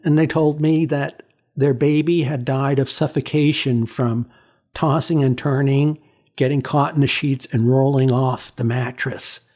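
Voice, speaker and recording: A man in his sixties, a photographer being interviewed, telling stories in a halting way with many repeats and fillers. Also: mid-range voice, fairly even intonation, a little mellow. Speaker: photographer, guest. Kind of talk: reflective storytelling in an interview.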